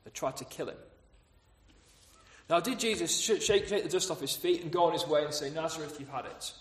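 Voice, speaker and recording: Male preacher, high-pitched tenor, expository sermon delivery, rhetorical questions, echoey church room. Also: brisk. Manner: expository, rhetorical questions, acts out voices of townspeople.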